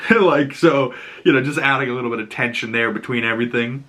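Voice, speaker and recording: A man with a Boston accent hosts a casual episode breakdown, rambling excitedly from scene to scene. His voice is bright and forceful at a mid pitch. He drops crude jokes along the way. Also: a little fast, hardly any pauses. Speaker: video host.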